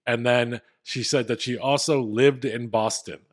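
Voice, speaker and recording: Speaking at an unhurried pace with a steady tone, this mid-range male voice belongs to a podcast co-host. He recounts a story casually and wryly in relaxed conversation, a Philadelphia native without a strong accent.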